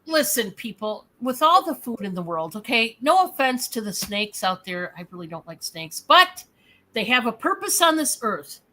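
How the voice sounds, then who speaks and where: A woman's voice: on the high side, sing-song, normal speed, bright, forceful tone. A woman with a Michigan accent hosting a live sales stream, chatty and rambling, laughing often. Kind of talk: casual live stream chat.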